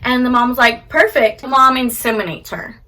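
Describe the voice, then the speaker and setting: A woman chatting casually while doing her makeup, retelling a reality show with lively acted quotes. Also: fairly high pitch, moderate pace. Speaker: beauty vlogger. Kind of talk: casual get-ready-with-me chat.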